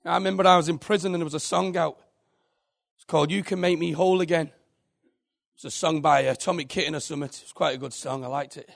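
A man's voice: fairly high pitch, fairly even intonation, quick pace, gravelly. A man preaching a sermon, telling an earnest and emotional testimony.

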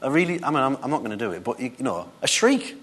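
A man giving a relaxed, conversational Bible teaching, reading a passage and then stopping to comment on it. His voice sits at an ordinary middle pitch. He talks to his listeners with easy asides as he teaches. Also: very fast, breathy edge. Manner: conversational, reads scripture aloud and comments with asides. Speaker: preacher.

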